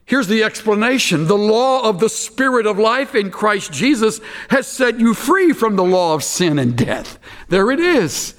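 A man preaching an expository sermon, emphatic and slowing down to stress key phrases. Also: high-pitched, sing-song, a bit bright, long reverb tail.

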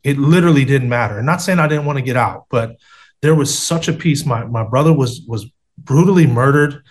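A man's voice: medium pitch, a little fast. Earnest man on a video call. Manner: earnest, street-casual, peppered with "man" and "bro". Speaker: guest telling his faith testimony. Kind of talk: casual interview chat.

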